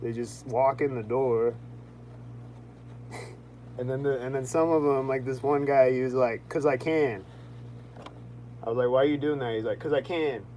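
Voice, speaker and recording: A man's voice: medium pitch, steady tone, dark tone, a little hiss or hum, rough recording. Rambling man in a casual vlog. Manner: rambling, heavy on "like", quick-tempered. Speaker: vlogger.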